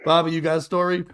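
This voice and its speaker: A man's voice: a little high, fairly bright tone, clear, resonant tone. A man hosting a casual comedy talk show, joking crudely and laughing often. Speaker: host. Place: live-streamed show.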